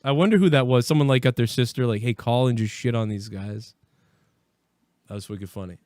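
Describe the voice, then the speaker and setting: A man's voice: medium pitch, fairly quick, darkish tone, smooth, dry recording, studio quality. A man in his thirties hosting a casual talk show, laid-back and rambling, full of "like" and restarts. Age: 30s. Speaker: podcast host. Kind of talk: casual chat.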